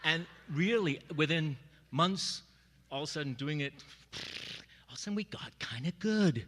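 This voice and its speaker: A middle-aged man speaking at a memorial, telling personal stories in an animated way and acting out the voices he quotes. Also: mid-range voice, normal speed, big-room sound. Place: church sanctuary.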